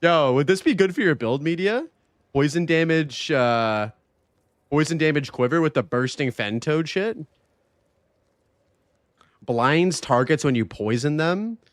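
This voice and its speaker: A man streaming a game live, chatting casually, reading chat aloud and swearing freely in loose, excitable talk. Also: a little high, measured pace, long pauses, no room sound, studio quality.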